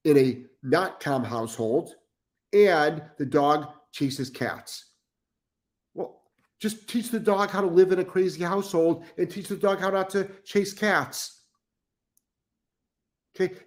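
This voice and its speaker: Middle-aged guy ranting about dog training on a stream, blunt, cusses a lot, says stuff twice. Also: a little high. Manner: blunt, swears, repeats himself for emphasis. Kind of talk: ranting live stream, reading chat comments.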